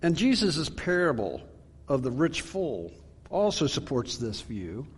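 A man's voice: medium pitch, big pitch swings, breathy edge. Earnest male preacher with long reverb. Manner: earnest, emphatic, slows for scripture readings. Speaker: pastor. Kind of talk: sermon, Bible teaching.

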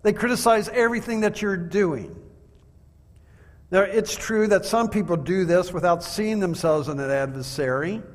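Man preaching a sermon with measured rhetorical questions; fairly high voice, recorded in a large reverberant hall.

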